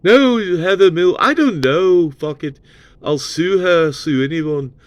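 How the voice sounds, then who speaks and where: An excitable older rock star, high and exclamatory with a chattering delivery, as a man puts him on in a dry, close recording. The voice sits well above the speaker's usual low register and bursts out in quick, loud exclamations. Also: no room sound, highs cut off. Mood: exasperated.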